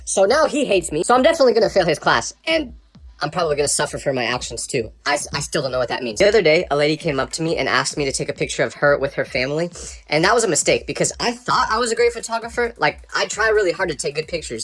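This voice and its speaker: Animated man telling comic stories. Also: fairly high pitch, fast talker. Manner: animated, jumps to exaggerated outbursts. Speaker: storyteller. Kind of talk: comedic storytime monologue.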